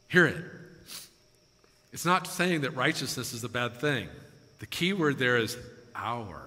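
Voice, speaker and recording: A man preaching a sermon to a congregation, animated and acting out quoted voices with chuckles. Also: medium pitch, unhurried, pauses often. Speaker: pastor. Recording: long hall reverb.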